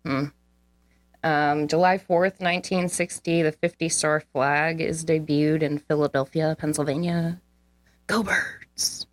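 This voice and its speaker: A young woman with a low-pitched voice co-hosting a podcast, reading historical dates and breaking off into blunt, profane comments. She sits close to the mic in a dry, dead room. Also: steady tone, a little slow, no room sound. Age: young adult. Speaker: co-host. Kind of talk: casual podcast chat.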